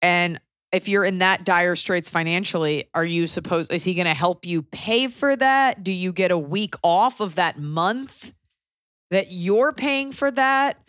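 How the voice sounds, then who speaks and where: A young woman co-hosts an advice podcast with a slightly low voice. She speaks bluntly, swears freely and fires off questions one after another, recorded close and dry with no room sound. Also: unhurried, fairly bright tone, no room sound. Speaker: podcast co-host, comedian. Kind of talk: casual advice chat.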